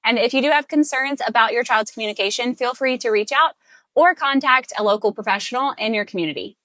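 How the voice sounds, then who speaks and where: A woman's voice: on the high side, quick pace, sharp tone, no echo. A woman from the Southern US, a speech therapist, patiently explaining step-by-step tips to parents and repeating the key points. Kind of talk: instructional talk to parents.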